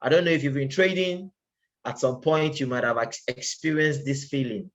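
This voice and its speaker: Man, webinar presenter; conversational and emphatic, ordinary mid pitch, frequent rhetorical questions. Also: moderate pace, dull audio, slight background noise. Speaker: webinar presenter for a trading broker. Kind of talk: casual webinar lecture.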